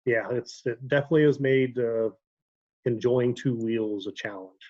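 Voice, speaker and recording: A man with an Ohio accent telling relaxed stories as a guest in casual chat, often pausing with ums and correcting himself. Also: mid-range voice, dull audio. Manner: relaxed storytelling with frequent ums and self-corrections. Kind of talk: casual video-call chat.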